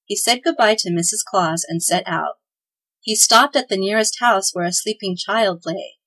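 A woman's voice: medium pitch, moderate pace, husky, poor audio. Woman reading a children's story. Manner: gentle, expressive read-aloud with voiced characters. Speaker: podcast host and storyteller.

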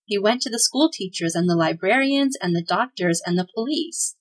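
A woman reads a children's storybook aloud as the host of a holiday podcast. Her telling is gentle and expressive, clear and even in pace. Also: mid-range voice, moderate pace, poor audio. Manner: gentle, expressive read-aloud with voiced characters.

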